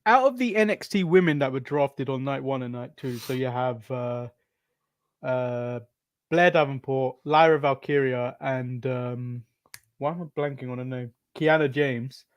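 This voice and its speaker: A man co-hosting a casual wrestling podcast, laughing often and pausing on fillers. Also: mid-range voice, dry recording, studio quality. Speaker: podcast co-host.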